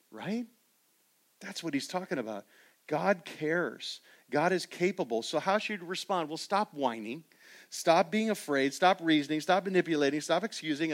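Emphatic middle-aged male preacher. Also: fairly high pitch. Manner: emphatic, rising to loud preaching peaks. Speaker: pastor. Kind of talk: sermon.

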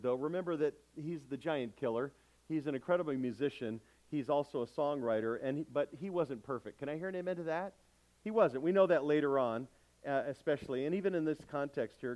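A man's voice: mid-range voice, a little mellow, poor audio. A male pastor delivering a sermon, emphatic and calling out questions to his congregation.

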